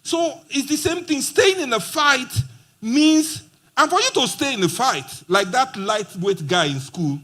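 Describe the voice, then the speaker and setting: A man's voice: very high voice, expressive, measured pace, pushed and bright. A man giving a playful motivational talk at a conference, acting out quoted dialogue. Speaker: conference speaker. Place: conference hall.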